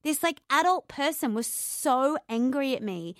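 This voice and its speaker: A woman with a fairly high voice tells stories in a casual podcast chat. She acts out the other people in her stories. The recording is dry and close, with no room sound. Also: a little slow, no echo. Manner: lively storyteller who acts out quotes and laughs.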